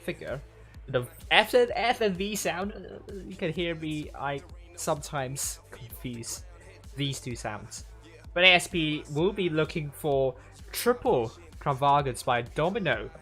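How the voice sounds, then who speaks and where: A man casting a live esports stream, talking in a rambling, halting way with frequent fillers and restarts. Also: mid-range voice, fairly bright tone. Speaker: stream caster.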